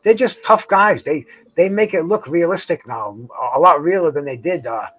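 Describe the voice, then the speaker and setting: A man's voice: on the high side, expressive, normal speed, a bit bright. An older man in casual chat, rambling and profane, stumbling over restarts as he talks outdoors by a dock on the water. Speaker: host.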